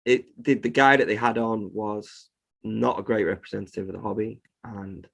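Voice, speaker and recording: A man's voice: fairly low pitch, fairly even intonation, normal speed, gravelly, fairly bright tone. A man who runs a reptile shop, talking heatedly in a casual podcast interview, swearing freely as he rants. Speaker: reptile shop owner, guest.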